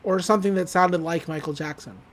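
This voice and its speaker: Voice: mid-range voice, a little fast. A podcast co-host recapping a cartoon episode in loose casual chat, full of fillers and quoted lines. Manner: rambling, quotes characters with "he's like"; frequent fillers, laughs while recounting.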